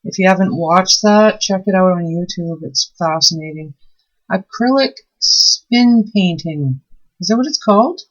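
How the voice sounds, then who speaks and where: Making soap on her channel, a woman tells stories in a relaxed chat and is easily delighted. She speaks unhurriedly in a lowish voice, captured in a dull, muffled recording.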